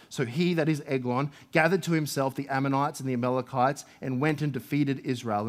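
A man preaching a sermon in a conversational way, with asides and stammering restarts. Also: a little high.

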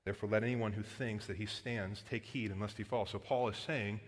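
A man's voice: on the low side, steady tone, a little fast, few pauses, long reverb tail. A man preaching as pastor, casual and earnest, with frequent "like" and "guys" between points. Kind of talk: sermon. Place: church sanctuary.

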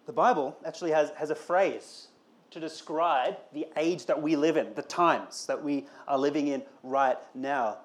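A man's voice: on the high side, a little slow. Man preaching a sermon. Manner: conversational preaching with rhetorical questions, rising to emphatic calls. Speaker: pastor.

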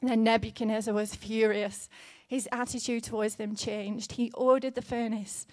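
A woman's voice: on the high side, level tone, moderate pace, no echo. Earnest woman preaching in a dry close sound. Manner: earnest, gently conversational, with filler words. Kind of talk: sermon.

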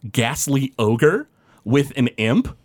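A man's voice: mid-range voice, sing-song, slow, no echo. A man narrating a tabletop game as game master, describing scenes loosely with many fillers.

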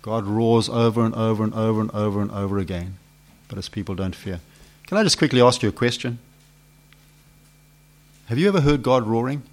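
Guy preaching a sermon, gets loud then goes real quiet, keeps asking the room stuff. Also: lowish voice, brisk, long pauses. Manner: dramatic swings from loud to hushed; asks the congregation questions.

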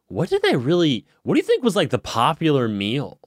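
A man's voice: fairly high pitch, huge pitch swings, brisk, dry recording, clean studio sound. Laid-back young man co-hosting a podcast. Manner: laid-back, musing, trails off mid-thought. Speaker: podcast co-host. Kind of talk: casual chat.

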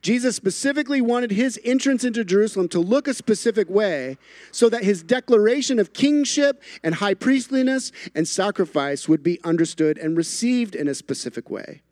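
A man's voice: high voice, lively intonation, moderate pace, darkish tone, dry recording, clean studio sound. A man preaching a sermon as a pastor, emphatic and building through repeated phrases, with playful asides.

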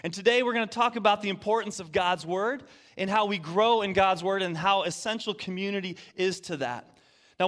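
Energetic male preacher, higher pitch, playful sermon delivery. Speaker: pastor. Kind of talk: sermon with audience game.

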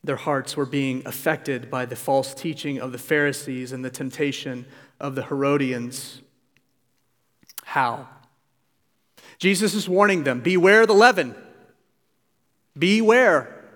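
A man's voice: medium pitch, unhurried, long pauses, fairly bright tone. A man preaching a sermon as pastor, earnest and pleading, with emphatic urgency. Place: church sanctuary. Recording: long reverb of a church hall.

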